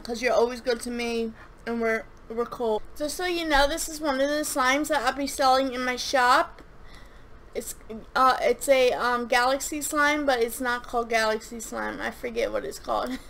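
A woman's voice: a little high, normal speed, vocal fry, fairly bright tone, a little hiss or hum. Gushing, rambling young woman reviewing slime. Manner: rambling, gushing, with many restarts and fillers. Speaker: slime reviewer and shop owner. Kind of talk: casual chatty product review.

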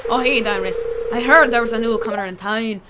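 A woman doing a gruff old pirate fisherman. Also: on the high side, a little fast, heavy background noise, natural voice. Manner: drawling, salty sea talk.

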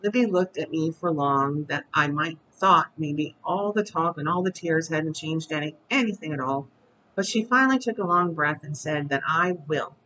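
A storyteller reading a chapter book aloud at bedtime in a calm, steady voice. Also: medium pitch, normal speed, slight background noise, rough recording.

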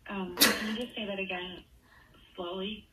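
A woman's voice: medium pitch, fairly even intonation, normal speed, bright, forceful tone, far from the mic. A woman on a phone call, stalling a telemarketer with hesitant fillers, constant apologies and interruptions. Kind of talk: playful prank phone call. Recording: recorded phone call in an echoey room, faint noise.

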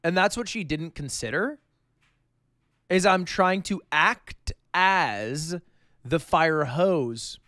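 A man's voice: on the high side, expressive, slow, bright, forceful tone, no echo, studio quality. A young man in his twenties, a streamer casually telling a joking story with plenty of swearing.

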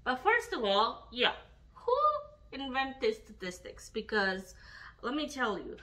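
Bright-voiced woman ranting, swearing. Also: fairly high pitch, big pitch swings, a little slow, poor audio. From Romania. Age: young adult. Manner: angry, swearing rant. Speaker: beauty vlogger. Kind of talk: ranting while doing makeup.

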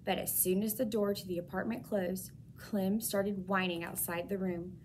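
A woman teacher reading a children's chapter book aloud with expressive, lively storytelling. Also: mid-range voice, normal speed, slight background noise.

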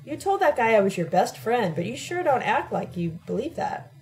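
A woman's voice: on the high side, very animated, normal speed, a little mellow. A woman voicing a touchy, defensive young man who turns admiring, in an audiobook reading. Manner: hostile, then contrite.

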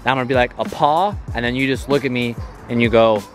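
A man's voice: mid-range voice, little pitch movement, rapid-fire, faint music behind. Upbeat male vlog host explaining a scene. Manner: upbeat, directs and explains eagerly. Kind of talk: casual planning chat.

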